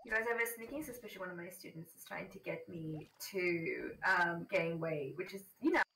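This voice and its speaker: A woman's voice: lowish voice, normal speed, gravelly, fairly bright tone. A woman co-streaming a game in casual chat, playful and exclamatory. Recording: roomy distant mic with faint hiss.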